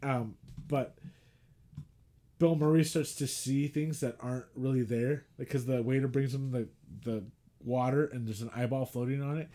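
A man's voice: medium pitch, steady tone, moderate pace, dark tone. A man co-hosting a movie podcast, retelling scenes in a rambling, filler-heavy casual chat. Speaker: podcast co-host.

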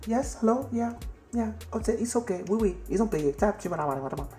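A man's voice: sits high, animated, fast, mellow, voice pushed up. An eager female hotel clerk chirps reassurances into the phone in a voice pushed far above normal. A man puts her on while telling a story. Faint music sits in the background. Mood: reassuring.

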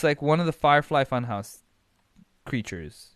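A man's voice: medium pitch, expressive, normal speed, no echo, studio quality. Exasperated profane ranting man. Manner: rambling with sighs and restarts. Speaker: podcast host. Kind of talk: casual recap podcast.

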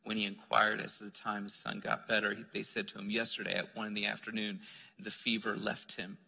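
A man preaching a sermon, conversational and joking, dropping to a soft voice when he reads scripture. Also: lowish voice, flat delivery, brisk, gravelly, husky. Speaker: pastor. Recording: long hall reverb.

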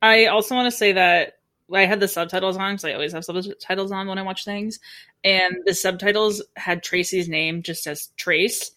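A woman's voice: mid-range voice, steady tone, moderate pace, sharp tone. A woman co-hosting a casual podcast, chiming in with wry jokes and laughter. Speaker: podcast co-host. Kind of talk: casual chat.

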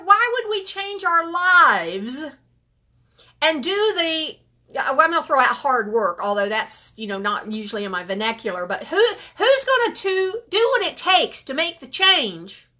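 A woman's voice: very high voice, bright, forceful tone. A middle-aged woman leading a group gratitude session, upbeat and encouraging, repeating affirmations and answering comments. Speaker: group gratitude workshop leader. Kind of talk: live online group session, reading chat comments.

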